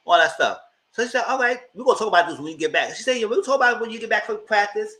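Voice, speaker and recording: A man's voice: high-pitched, lively intonation, very fast, bright, forceful tone. A man with hosting a casual live TV review, talking in slang, laughing often and acting out characters' lines. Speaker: host.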